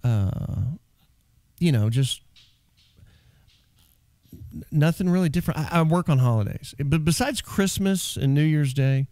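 A man's voice: a little high, expressive, measured pace, pauses often, warm tone, no room sound. A man hosting a radio talk show in a studio, joking and teasing his crew and laughing often. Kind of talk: casual radio banter.

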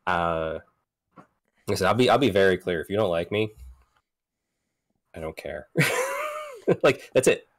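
Deep-voiced man, blunt and laid-back. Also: lively intonation, unhurried, pauses often. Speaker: podcast guest. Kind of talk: casual podcast chat.

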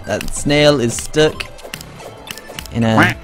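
A man's voice: mid-range voice, moderate pace. A young man giving playful, chatty commentary while streaming a game and answering his chat. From Britain. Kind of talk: casual live-stream commentary. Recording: game music playing behind the voice.

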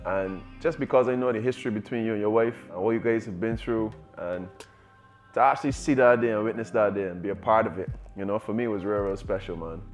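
A man's voice: on the low side, fast talker, faint music behind. A young man and cricketer asking a friend questions in an easygoing chat, laughing often. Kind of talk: casual chat between friends.

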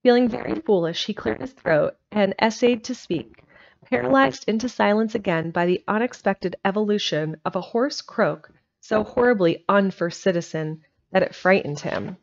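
A woman narrating an old storybook chapter with a gentle, expressive reading style. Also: mid-range voice, moderate pace, vocal fry. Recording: dull lo-fi home recording.

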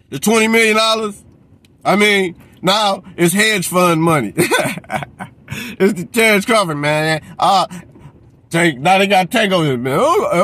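Man ranting, high and heated. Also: a bit bright. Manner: profane, repeats a catchphrase, mocks others in put-on voices. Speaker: boxing commentator. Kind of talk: heated rant.

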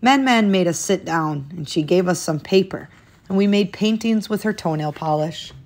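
A woman's voice: fairly low pitch, normal speed, darkish tone. A woman reading a children's picture book aloud, lifting her voice expressively as each new day in the story begins.

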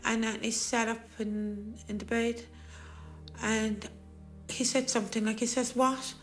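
A middle-aged Irish woman, a bereaved mother, recounting events at home in a soft, halting way with many restarts. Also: fairly high pitch, little pitch movement, soft background music. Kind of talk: emotional personal account. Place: family home indoors.

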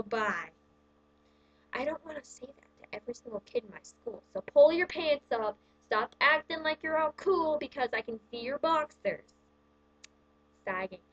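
A woman with a fairly high voice rants to the camera about her pet peeves. She sounds exasperated and sarcastic, and she talks casually with a lot of "like" in her sentences. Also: rough recording. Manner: exasperated, sarcastic, heavy use of "like". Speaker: vlogger. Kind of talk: casual ranting countdown list.

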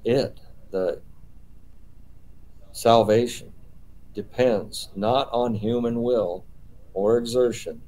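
A man's voice: medium pitch, slow pace, long pauses, dark tone, a little hiss or hum, poor audio. A man leading a small-group Bible study, explaining patiently and posing rhetorical questions.

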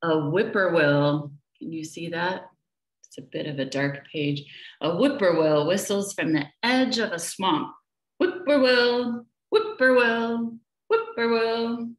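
A woman educator reading a picture book aloud to young children, gentle and slow, often asking them questions, over a webcam. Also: sits low. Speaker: children's nature program educator. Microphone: laptop or webcam for a video session. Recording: echoey room.

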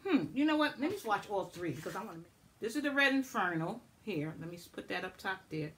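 A woman chatting casually and excitedly to viewers as she shows and swatches makeup finds. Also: mid-range voice, fast. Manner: chatty, excitable, addresses viewers as y'all and guys. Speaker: beauty vlogger. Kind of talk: casual makeup haul review.

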